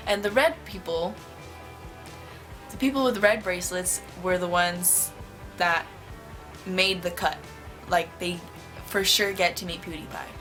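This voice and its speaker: A woman vlogger telling a story to camera in an excited, gushing way, with lots of "like". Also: fairly low pitch, unhurried, long pauses, faint music behind.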